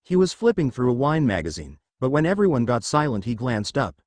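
A man narrates a fantasy story in the first person, with a lively pitch that rises and falls through each sentence. The recording is close and dry, with no room sound, and he reads every character in the same steady voice. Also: fairly quick, dry recording.

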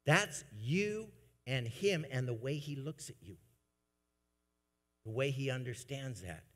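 A man preaching a sermon to his congregation, swinging between soft, low asides and loud, emphatic bursts. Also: expressive, takes it slowly. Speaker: pastor. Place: church sanctuary. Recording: long church reverb.

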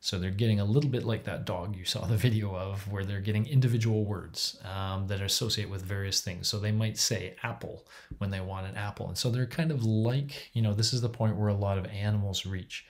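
A man's voice: on the low side, steady tone, a little fast. A man giving a university psychology lecture in a chatty, enthusiastic way, with many fillers and restarts.

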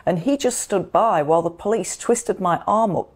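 A woman's voice: on the low side, normal speed, slightly rough. A middle-aged woman from the UK, a guest in an interview, giving an earnest, emphatic personal account. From United Kingdom.

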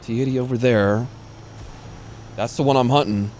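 A man's voice: mid-range voice, fairly even intonation, moderate pace, background noise. A man casually commentating his own live gameplay, slangy and swearing freely. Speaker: streamer.

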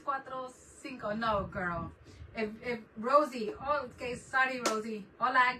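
With a sharp tone and a pitch on the high side, a woman hosts a laid-back craft stream from her desk at home, chatting, laughing frequently, and naming viewers as she greets them. The mic is distant, with faint background noise.

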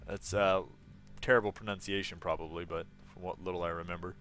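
A man's voice: low voice, steady tone, brisk, fairly bright tone, soft background music. A young man chatting casually on a live game stream, laughing often and reading viewers' messages aloud.

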